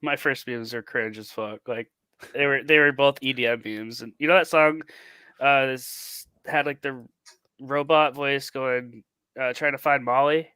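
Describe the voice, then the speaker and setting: A man co-hosting a casual chat, halting and hesitant with many fillers. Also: mid-range voice, fairly even intonation, pushed and bright, clean tone, no echo. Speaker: co-host.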